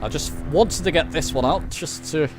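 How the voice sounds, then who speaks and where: Over music, a slightly high-voiced Englishman from England talks at normal speed while flying a simulator. The flight sim streamer gives casual live commentary, chatty and self-deprecating as he answers his chat.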